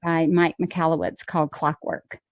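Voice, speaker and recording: Earnest woman hosting a podcast, low voice. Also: flat delivery, moderate pace, no echo. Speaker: podcast host. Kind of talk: podcast interview conversation.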